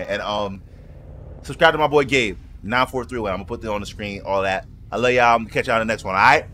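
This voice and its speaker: A young man with a New York accent, casually commentating a racing game with loud, swearing outbursts and quick apologies. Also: medium pitch. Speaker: gaming YouTuber. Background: music and car engine sounds.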